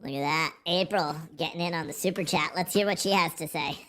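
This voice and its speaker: A man's voice: a little high, a little fast, few pauses, sharp tone, a little hiss or hum. A man hosting a casual livestream, joking, rambling and swearing freely as he reads the chat. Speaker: livestream host.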